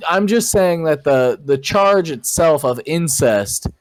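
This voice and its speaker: A man's voice: fairly high pitch, lively intonation, slow, low-quality recording. Hesitant man stumbling over his words. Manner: hesitant, repeats and restarts words. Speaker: podcast co-host. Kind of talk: casual debate chat.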